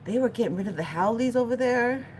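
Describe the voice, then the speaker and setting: A woman's voice: fairly high pitch, quick pace, a little hiss or hum. A middle-aged woman giving a live-stream tarot reading, chatting with viewers, laughing often and drifting off topic. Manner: animated and chatty, talks to the chat, laughs often, loses her thread. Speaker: tarot reader.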